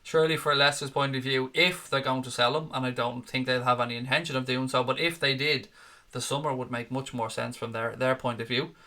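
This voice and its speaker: A man's voice: mid-range voice, fairly even intonation, brisk, bright, forceful tone. A man hosting a casual fan chat show, reading viewer comments with sarcastic, sweary jokes.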